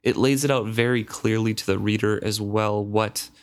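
A man's voice: lowish voice, steady tone, moderate pace, clear, resonant tone. Thoughtful man discussing a book. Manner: thoughtful, hesitant with fillers. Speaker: podcast co-host.

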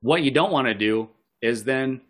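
A man's voice: mid-range voice, normal speed, a bit bright. Rambling, jokey male podcast guest. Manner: rambling, self-correcting, jokey. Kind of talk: casual advice chat.

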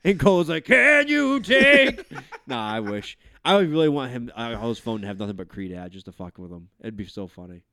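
Animated storytelling dad, dry mic. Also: male voice, lowish voice, fast, hardly any pauses, dry recording. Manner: animated storyteller, swearing, many fillers. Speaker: podcast host. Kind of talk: casual chat.

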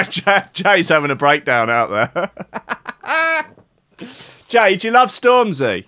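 Sweary, rambling radio host. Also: male voice, sits high, big pitch swings, slow, sharp tone, no echo. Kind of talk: casual radio chat.

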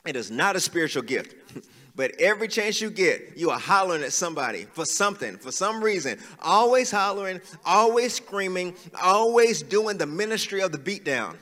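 A man's voice: sits high, very animated, moderate pace, sharp tone, in a large hall. A man preaching a sermon as pastor, building into a sing-song preaching cadence. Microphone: handheld mic.

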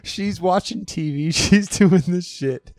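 A man's voice: high voice, slow pace, a little mellow. A man co-hosting a podcast, telling a funny story in casual chat and laughing through it with rambling restarts. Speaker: podcast co-host.

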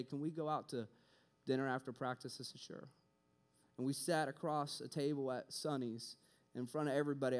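A young preacher delivers a sermon built around a personal story, animatedly acting out both sides of conversations and often repeating words when excited. His voice is mid-range with a clean tone.

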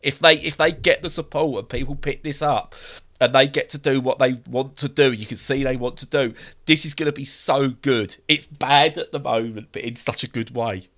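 A man's voice: mid-range voice, normal speed, a bit bright. A man co-hosting a casual podcast chat, rambling enthusiastically with lots of fillers and restarts. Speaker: podcast co-host.

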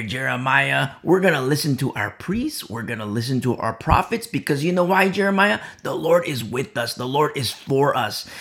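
A man's voice: on the high side, vocal fry, fairly bright tone. A man putting on the taunting voice of a mocking crowd that sneers at a prophet with rhetorical questions. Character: scoffing men of Judah mocking a prophet.

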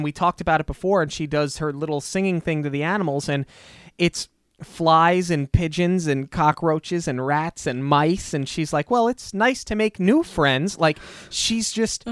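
A man casually discussing a movie as a podcast co-host, chatty and animated with frequent fillers. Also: a little high, moderate pace, clean tone, no room sound, clean studio sound.

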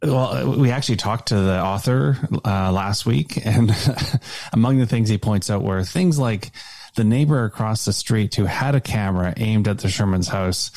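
A man's voice: fairly low pitch, normal speed, a little mellow, no echo. A man co-hosting a podcast, rambling with many fillers. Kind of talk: casual podcast chat.

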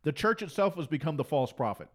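A man's voice: a little high, animated, fast. A man preaching an impassioned monologue, fiery and mocking, hammering points through repetition. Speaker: Christian preacher and commentator.

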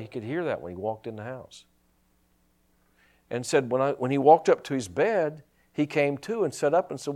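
A male pastor preaching a sermon, telling stories and rising into shouted praise. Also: medium pitch, lively intonation, normal speed, long pauses.

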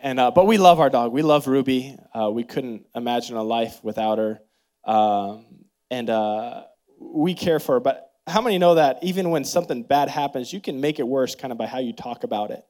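A man in his thirties preaching a sermon as pastor, leading prayer and telling stories in an animated, expressive way. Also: moderate pace. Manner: animated storytelling with big pitch swings and laughter; leads congregation in prayer and call-and-response.

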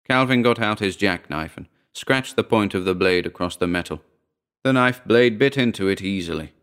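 A man narrating a short story in a steady, measured reading. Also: fairly low pitch, clean tone.

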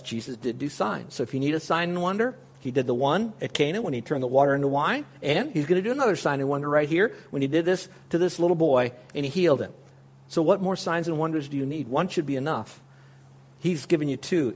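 A man delivers a sermon in a fairly high voice. He is earnest and direct, turning to his listeners with question after question. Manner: earnest, speaks straight to listeners with rhetorical questions. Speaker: pastor.

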